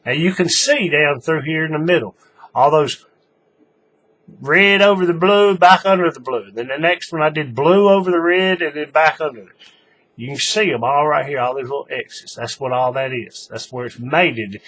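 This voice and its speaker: A man's voice: a little high, moderate pace, fairly bright tone. A man giving a casual, folksy hands-on craft tutorial, talking while he works. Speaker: paracord tutorial maker.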